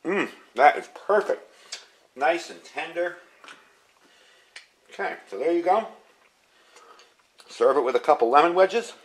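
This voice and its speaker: A man's voice: on the high side, unhurried, long pauses. Chatty middle-aged man cooking on camera. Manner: chatty, relaxed, talks while cooking. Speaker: home cook. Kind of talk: casual cooking demonstration.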